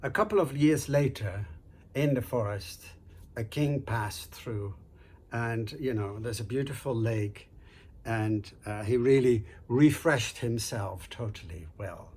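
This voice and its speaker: Slow-paced male storyteller. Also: mid-range voice, darkish tone, slightly rough. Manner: unhurried, conversational storytelling with fillers. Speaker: storyteller host. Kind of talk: oral folk-tale telling.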